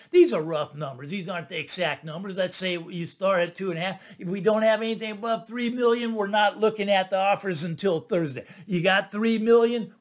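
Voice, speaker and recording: A middle-aged man who works as a real estate agent hosts his own channel, explaining things in casual commentary. He repeats phrases for emphasis and keeps asking "right?". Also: high voice. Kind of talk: casual talking-head commentary.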